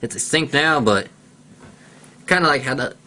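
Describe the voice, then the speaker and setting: A man's voice: mid-range voice, moderate pace, sharp tone. A man, a pastor, chatting casually over a video call, rambling and breaking into squawking bird imitations.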